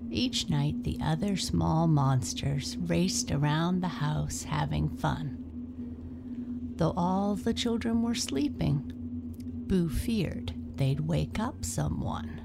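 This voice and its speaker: Slow, gravelly woman reading a storybook. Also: low-pitched, noisy background. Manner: gentle rhyming read-aloud with dramatic shifts. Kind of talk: children's storybook narration.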